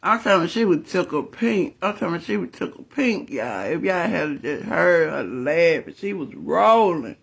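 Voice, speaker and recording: A middle-aged man, telling his viewers a family story in a chatty, animated way and calling on the Lord. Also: a little high, moderate pace, vocal fry, hardly any pauses, husky. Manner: animated, chatty, laughs often, calls on the Lord. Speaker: vlogger.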